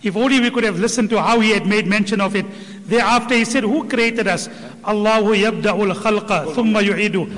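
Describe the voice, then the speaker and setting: A man's voice: high-pitched, brisk, fairly bright tone. A man giving a reverent religious talk, reciting Quranic verses as he summarizes a lecture. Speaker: Islamic speaker summarizing a lecture. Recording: long hall reverb.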